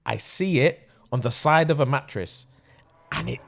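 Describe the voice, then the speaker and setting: A man's voice: mid-range voice, moderate pace, vocal fry. A man, telling a story in a casual chat full of slang and laughter. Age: 20s. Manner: animated, heavy slang, often laughing.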